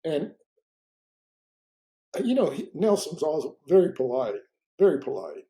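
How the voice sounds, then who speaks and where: Man, interview guest, storytelling, fairly high pitch, warm mellow tone, halting with repeats and fillers. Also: low-quality recording. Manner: animated when retelling dialogue. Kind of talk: conversational storytelling.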